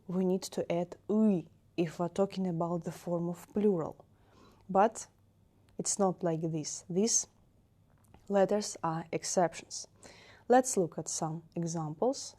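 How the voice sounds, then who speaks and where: A woman's voice: lowish voice, mellow. A woman teaching a grammar lesson, patiently repeating each example word. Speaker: Russian language teacher.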